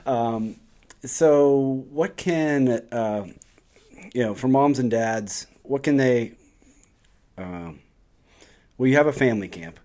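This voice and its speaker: A man's voice: medium pitch, takes it slowly, pauses often, a little mellow. A man in his forties hosting a podcast, friendly and affirming, with frequent ums. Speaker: podcast host. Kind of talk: casual interview chat.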